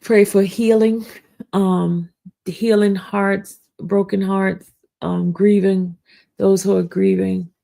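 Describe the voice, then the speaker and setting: A woman with a gravelly, creaky voice talks to her viewers at an unhurried pace. She rambles casually, calls them y'all, and keeps clearing an itchy throat. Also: mid-range voice, darkish tone. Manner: slow, meandering, addresses viewers as y'all. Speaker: online true-crime commentator. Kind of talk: casual live-stream chat.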